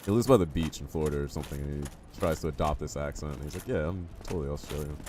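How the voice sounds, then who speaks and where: Low-voiced man chatting on stream. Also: fast, darkish tone, slight background noise. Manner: chatty, joking banter with chat viewers. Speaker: game streamer. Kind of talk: casual live-stream chat while playing.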